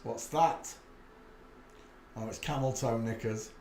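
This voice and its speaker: Yorkshire host, mid-pitched male voice, thinks aloud while clicking through pictures, echoey room with a faint hum. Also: slow pace, a little mellow. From England. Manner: muttered running commentary, thinking aloud. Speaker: channel host. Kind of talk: casual commentary while browsing images.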